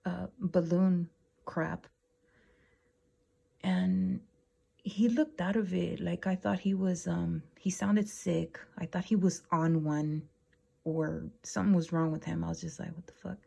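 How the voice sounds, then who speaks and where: A woman's voice: lowish voice, vocal fry, warm tone. A woman vlogger telling a dream story in a casual, rambling way, with slangy phrasing, lots of fillers and swearing. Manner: slangy, laid-back phrasing.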